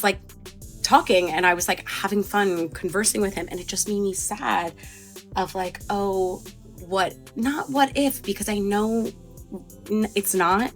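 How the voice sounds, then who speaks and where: A woman in her thirties talking in a rambling, hesitant, emotional confessional vlog. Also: medium pitch. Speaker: vlogger.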